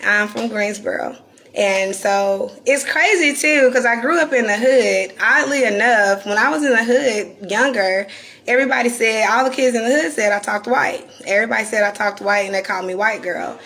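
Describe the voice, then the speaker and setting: A woman from North Carolina with a Southern accent and a raspy, croaky voice, talking candidly and deliberately to viewers on a live stream. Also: on the high side, a bit bright. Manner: reflective and candid, slowed deliberate delivery. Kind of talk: casual live-stream talk.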